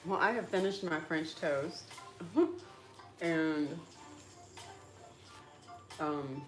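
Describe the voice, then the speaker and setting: A woman's voice: deep voice, drawn-out words, faint music behind. A middle-aged woman, chatting casually and rambling over breakfast in a vlog, with lots of "like.". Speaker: vlogger. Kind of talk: casual chat while eating breakfast.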